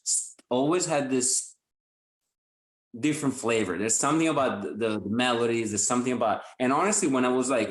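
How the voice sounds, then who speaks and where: A man's voice: mid-range voice, echoey room, low-quality recording. A male guitarist guest chatting casually and enthusiastically in an interview, rambling with lots of fillers.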